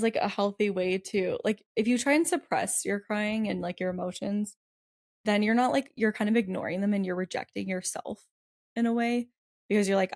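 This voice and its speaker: A woman co-hosting a casual advice podcast, thinking aloud with lots of "like"s and gentle hedging. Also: mid-range voice, no echo, clean studio sound. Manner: thoughtful, hedging with many "like"s. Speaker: podcast co-host.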